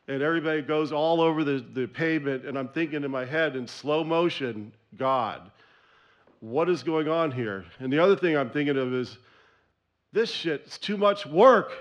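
A man's voice: fairly high pitch, highs cut off. A man candidly sharing his personal recovery story at a meeting, telling it in a self-deprecating way.

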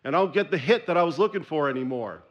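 A man gives a candid, self-deprecating testimony about his recovery. His voice sits a little high for a man. The recording is dull and lo-fi. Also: animated, quick pace. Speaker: speaker sharing his recovery story. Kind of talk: personal testimony at a recovery meeting.

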